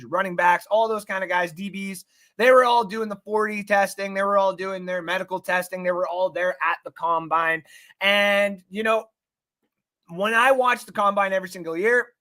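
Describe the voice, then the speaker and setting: A high-pitched man hosts a casual sports talk live stream, swearing often and rambling with excitement. He reads out comments from chat viewers and thanks them.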